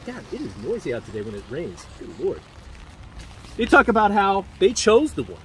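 Animated man ranting on a street. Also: a little high, normal speed, pauses often, slight background noise. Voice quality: animated, preachy, rambling, asides and laughs. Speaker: vlogger and men's dating commentator. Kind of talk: walking outdoor commentary vlog. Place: outdoors on a street in the rain.

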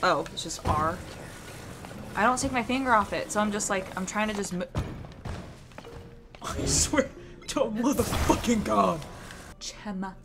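Slow-talking swearing woman gamer. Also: medium pitch, lively intonation. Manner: frustrated, swears a lot, talks to herself. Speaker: streamer playing a video game. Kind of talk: casual gameplay commentary. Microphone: close desk mic. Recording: game music behind.

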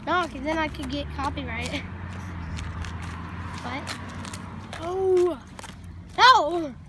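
Speaking very slowly in a high voice, a woman vlogs on the street with a handheld camera. Her casual chat is playful and chatty, shifting between loud and hushed, while loud traffic and street noise surround her.

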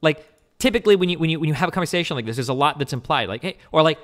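A young man streaming, explaining ideas in fast, rambling, profane casual talk with acted-out examples. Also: mid-range voice, lively intonation, a bit bright. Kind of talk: casual livestream commentary.

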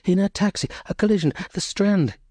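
A man reading the lines of hospital nurses, who speak in hushed voices and then gasp in fright, in a storybook. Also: mid-range voice, a little fast, breathy edge, no echo. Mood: frightened.

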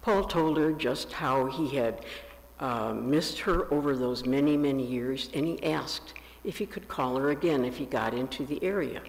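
A male pastor telling a story during a sermon, raising his pitch when he quotes the characters. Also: gravelly, in a large hall. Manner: slow, lifts his pitch for quoted voices. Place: church sanctuary.

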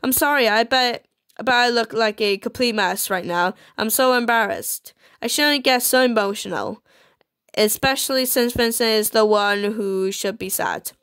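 A woman's voice: a little high, fairly bright tone, clean tone, no echo. A woman reading a romance visual novel aloud, stumbling and restarting words often. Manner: halting, with frequent fillers and restarts on words.

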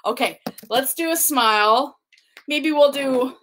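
A woman's voice: sits high, sing-song, slow. A woman working as a children's librarian, hosting a kids' storytime in a library with drawing and booktalks. She asks the children lots of coaxing questions in a sing-song way.

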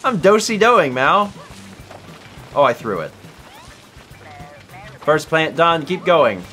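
An excitable male streamer talking through a co-op game, his voice bright and forceful with wide, animated swings. He jokes and shouts quick bursts at his partner, slightly high for a man. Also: faint music behind. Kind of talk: casual co-op gameplay chat.

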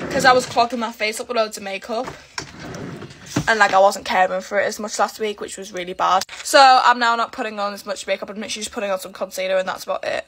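Bright-voiced young British woman vlogging. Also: mid-range voice. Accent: British English.

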